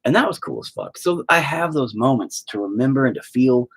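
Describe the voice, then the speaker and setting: Husky man rambling candidly, swearing freely. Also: mid-range voice, lively intonation, brisk, fairly bright tone. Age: adult with children. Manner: rambling and profane, full of "you know" fillers. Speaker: podcast host and band vocalist. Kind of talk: casual confessional chat.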